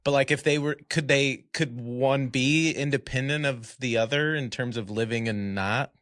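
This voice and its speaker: Male podcast guest, medium voice, hesitant drawn-out questions, dry close sound. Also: medium pitch, fairly bright tone, no echo. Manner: curious, halting questions, drawn out. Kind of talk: casual chat.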